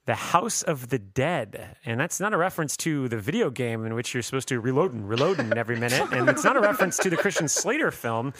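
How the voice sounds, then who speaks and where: A man's voice: mid-range voice, a bit bright, dry recording, studio quality. A man hosting a podcast in casual, rambling, jokey chat. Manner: rambling, jokey, laughs often. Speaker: podcast host.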